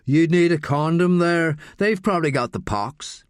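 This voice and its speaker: A man's voice: a little high, normal speed, clean tone, no echo, studio quality, pitched above the performer's own voice, lightly acted. A man voicing a drunk, bigoted young male student with a jeering, slurred drawl. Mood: sneering.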